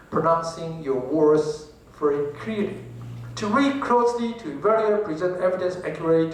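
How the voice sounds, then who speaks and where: A man's voice: on the high side, a bit bright. A man with a Taiwanese accent gives a lecture to teachers, often asking the audience rhetorical questions and repeating his words. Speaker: professor giving a talk on English teaching. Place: large lecture hall. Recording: very echoey hall, distant from the mic, faint noise.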